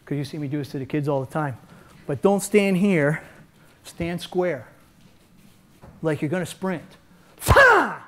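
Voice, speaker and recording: Older man, martial arts coach, high voice, energetic, shouted sound effects, gym seminar. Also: moderate pace, long pauses, a little hiss or hum. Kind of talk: hands-on seminar teaching.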